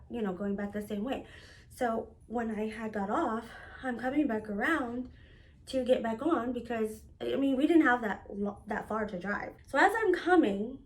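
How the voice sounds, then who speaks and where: A young woman telling a rambling personal story in a casual, chatty way, full of fillers and acted-out quotes. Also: on the high side. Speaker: storyteller host.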